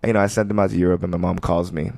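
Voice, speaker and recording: A low-voiced American man in his thirties, gravelly at the edges, tells a long, rambling story in a loose podcast chat. He laughs easily and acts out both sides of the conversation. The sound is dry and close. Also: level tone, racing, a little mellow, dry recording. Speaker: comedian and filmmaker guest. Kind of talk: casual podcast interview.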